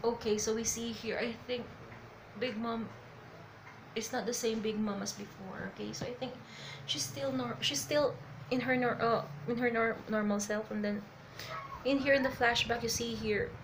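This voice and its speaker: A woman doing a live reaction to a comic, excitable and a little nervous, laughing and tagging her sentences with "okay?". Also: a little high, normal speed, noisy background. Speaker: manga reaction vlogger. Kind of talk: live reaction and reading aloud.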